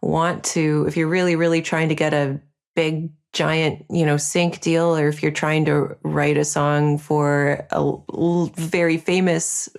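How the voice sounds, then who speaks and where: A woman's voice: low-pitched, level tone, unhurried, creaky. A woman singer-songwriter speaking as a guest on a podcast, chatting casually and enthusiastically. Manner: enthusiastic and upbeat. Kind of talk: casual interview chat.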